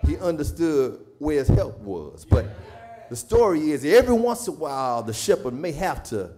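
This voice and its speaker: A man with a Southern US accent preaching a sermon, moving from quiet storytelling to shouted, sung preaching. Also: fairly high pitch, sing-song, normal speed. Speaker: pastor. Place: church sanctuary. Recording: live church stream with organ and congregation.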